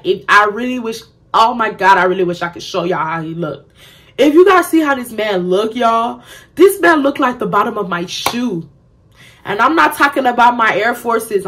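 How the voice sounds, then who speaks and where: A young woman vlogger telling a storytime, blunt and profane, animated as she acts out what others said. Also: medium pitch. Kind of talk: storytime vlog.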